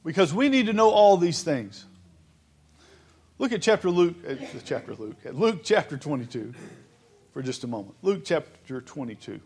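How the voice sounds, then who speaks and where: A man's voice: fairly high pitch, sing-song, moderate pace, darkish tone, husky. A man preaching a sermon in an earnest, conversational way, often restarting his sentences.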